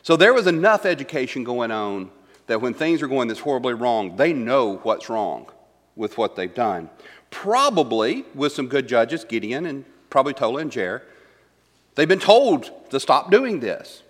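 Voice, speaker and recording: A man's voice: medium pitch, big pitch swings, a little slow. A man teaching a Bible study class. He reads verses aloud and puts questions to the group. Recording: long hall reverb.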